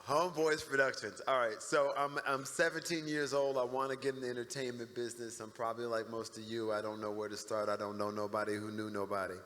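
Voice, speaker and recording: A middle-aged man, a guest at a convention panel, telling animated stories and acting out the people in them. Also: mid-range voice, quick pace, few pauses. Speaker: interview guest. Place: large convention hall. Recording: reverberant hall.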